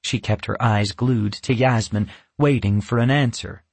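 A man narrating a children's storybook in a steady, even reading voice. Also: lowish voice, measured pace, gravelly, slightly rough, no echo.

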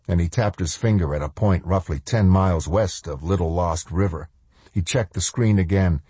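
A man narrating an audiobook in a measured, steady storytelling manner. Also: sits low, husky, dry recording. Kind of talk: scripted narration.

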